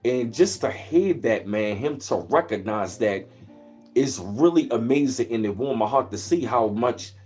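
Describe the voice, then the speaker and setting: A man's voice: mid-range voice, expressive, a little slow, a little mellow, husky. A man talks loosely and at length on his own livestream, drifting through easygoing stories in a mid-range voice. Now and then he stops to greet viewers by name. Faint music plays behind him. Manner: rambling, laid-back storytelling, greets viewers in between. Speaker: livestream host. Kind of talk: casual livestream chat. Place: at home, where he lives in Maryland.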